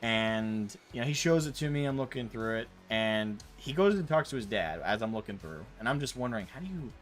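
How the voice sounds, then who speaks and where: A man streaming while painting miniatures, telling a long casual story in a rambling, animated way with the odd swear word. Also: lowish voice, a little fast. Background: faint Gregorian chant music.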